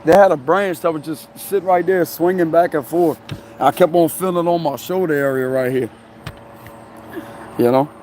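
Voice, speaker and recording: Streaming live outside near a tree and traffic, a man who does tarot talks at normal speed in a fairly high, slightly mellow voice. He rambles easily, laughs frequently, and keeps tacking on "you know what I'm saying," with a bit of background noise.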